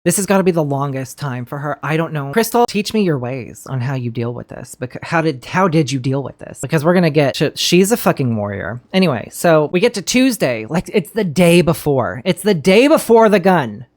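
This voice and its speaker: A woman's voice: low voice, expressive, a little fast, few pauses. Blunt, swearing woman reacting to a story. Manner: blunt, emotional, swears freely. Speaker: commentary host. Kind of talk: casual reaction commentary.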